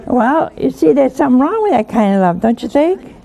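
A woman's voice: high voice, big pitch swings, fairly quick, vocal fry, warm tone. A woman giving an informal sermon in a folksy way, often asking her listeners rhetorical questions. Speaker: religious teacher.

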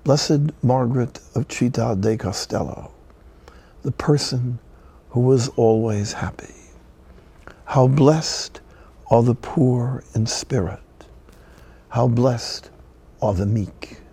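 A male priest telling stories in a broadcast sermon, slow and deliberate, dropping to a hush for emphasis. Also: mid-range voice, vocal fry, husky.

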